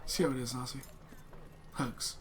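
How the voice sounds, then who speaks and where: A man's voice: medium pitch, steady tone, slight background noise. A man running a tabletop game as game master, narrating with many fillers and restarts. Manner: halting, filler-heavy narration.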